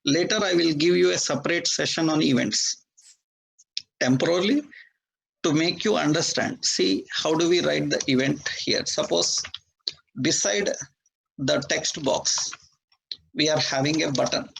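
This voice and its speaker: A man's voice: on the high side, a little slow, gravelly, pauses often, fairly bright tone, a little hiss or hum, poor audio. A male programming instructor walking through code step by step in a live lesson, spelling out names letter by letter.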